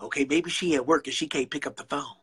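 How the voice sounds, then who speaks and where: A man talking to his fans in a casual, heartfelt vlog, animated, profane and emotional, drawing out his thanks slowly. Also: breathy edge. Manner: drawls slow heartfelt thanks, then bursts high and loud. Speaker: vlogger addressing fans.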